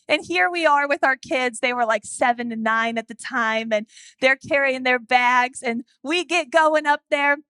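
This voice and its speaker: A woman in her thirties preaching a sermon, telling a family story in an animated way and acting out the voices. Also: high-pitched, moderate pace, dry recording. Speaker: pastor.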